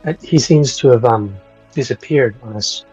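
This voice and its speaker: A man casually playing a tabletop game in a relaxed, joking manner. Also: mid-range voice, normal speed, slightly rough, muffled recording, soft background music. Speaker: player.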